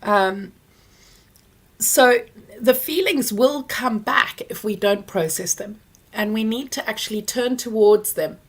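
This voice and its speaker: A woman therapist hosting a live online Q&A, explaining calmly with many fillers and restarts while talking around a throat lozenge. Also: mid-range voice, slow pace. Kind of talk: live online Q&A, answering viewer questions. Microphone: close mic near her ears.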